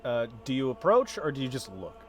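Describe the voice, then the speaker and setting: A man's voice: mid-range voice, fairly quick, soft background music. Laid-back male game master. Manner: relaxed, chatty, laughs often, hesitant fillers. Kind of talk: narrating a tabletop game.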